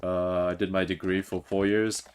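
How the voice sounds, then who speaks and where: A man's voice: low voice, level tone, normal speed, a little hiss or hum. A man in his twenties from Mauritius, a native French speaker, chatting casually on a game livestream as he reads chat aloud and answers it, recorded at home on a desk mic. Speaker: game streamer. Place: home room, Toronto.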